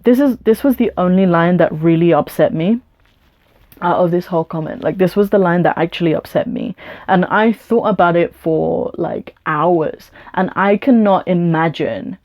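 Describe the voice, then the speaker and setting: Young woman, from England, profane combative vlog rant, low-pitched, mellow tone. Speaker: vlogger. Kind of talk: storytime rant to camera.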